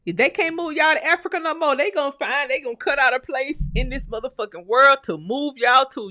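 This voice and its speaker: Blunt animated woman streaming to chat. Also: high voice, a little fast, few pauses, no room sound, studio quality. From United States. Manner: blunt, animated, swears freely, addresses viewers as y'all. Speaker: livestream host. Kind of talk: casual livestream commentary reading chat.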